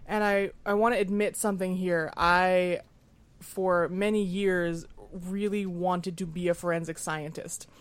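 A woman's voice: on the low side, fairly even intonation, a little slow. A woman hosting a casual panel chat, chatty and self-mocking, with frequent filler words. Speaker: podcast host.

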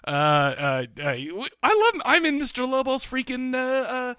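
A man co-hosting a podcast in casual chat, rambling with many restarts and fillers, excitable and quick to laugh. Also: very high-pitched, clean tone, no echo, clean studio sound. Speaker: podcast co-host.

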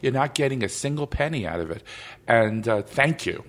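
A man with a mid-range, expressive voice hosts a podcast interview at a normal speed. His casual chat is effusive and emotional, and he often repeats himself.

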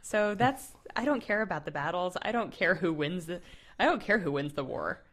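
Woman podcast co-host, lowish voice, animated casual chat. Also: normal speed. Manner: animated storyteller, enthusiastic.

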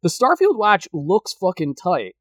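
A man's voice: high-pitched, wildly swooping pitch, a little slow, no room sound. A man hosting a casual podcast chat, joking around and swearing freely. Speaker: podcast host.

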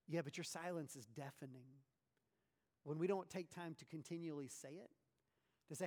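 A man preaching a sermon, animated and full of rhetorical questions and sarcastic asides. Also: on the high side, normal speed, long pauses, big-room sound. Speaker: pastor.

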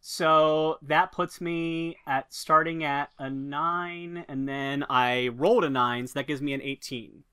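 A man's voice: fairly high pitch, fairly even intonation, slow pace, hardly any pauses, pushed and bright, clean tone. A man playing a tabletop game, playful and asking about rules, recorded remotely from home. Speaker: player.

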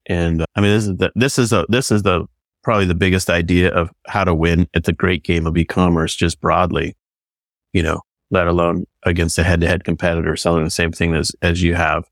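Guy from california hosting a podcast, kinda gravelly, lowish voice, dry sound. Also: flat delivery, brisk, no room sound. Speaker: podcast host. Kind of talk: casual podcast conversation.

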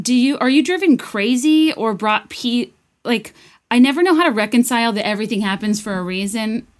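A woman hosting a podcast interview, listening closely with short affirmations and asking reflective questions. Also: fairly high pitch. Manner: attentive, frequent short affirmations. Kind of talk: conversational interviewing.

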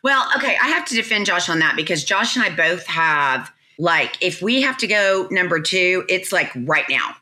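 A woman's voice: fairly low pitch, expressive, moderate pace, hardly any pauses, sharp tone. A woman from Oklahoma with an Oklahoma accent, a reality show cast member chatting casually and defending herself good-naturedly. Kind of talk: casual chat.

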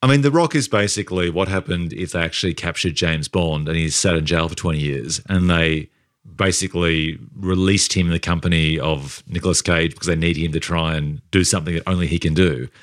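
Deep-voiced man musing about films. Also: steady tone, brisk, dry recording, studio quality. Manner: thoughtful, builds long hypotheticals. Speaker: film podcast co-host. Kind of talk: casual film discussion.

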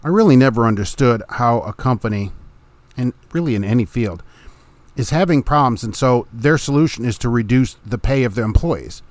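A middle-aged man talks straight into a close mic in a dry home room, sounding blunt and opinionated. He speaks at an average pitch and keeps his delivery casual, with short laughs between his points. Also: lively intonation, fairly quick, no room sound. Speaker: podcast host, truck driver.

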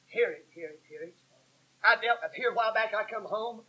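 A man preaching a sermon, telling stories in a folksy, emphatic way that sometimes drops to a hush. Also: sits high, a little fast, husky, rough recording. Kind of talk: sermon storytelling.

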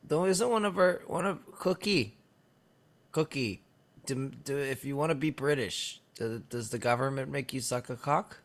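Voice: mid-range voice, normal speed, a little hiss or hum. A co-host chatting casually and joking playfully. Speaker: co-host reacting to clips. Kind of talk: casual chat.

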